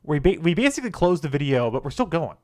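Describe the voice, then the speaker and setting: A man's voice: a little high, very animated, quick pace, a little mellow. A young man co-hosting a casual gaming podcast, joking and laughing as he rambles. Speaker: podcast co-host.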